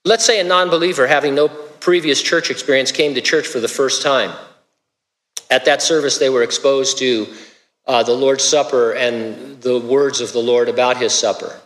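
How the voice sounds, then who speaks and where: A man's voice: medium pitch, fairly even intonation, normal speed, fairly bright tone, big-room sound. A male pastor preaching a sermon in a casual, conversational way, with stammered restarts.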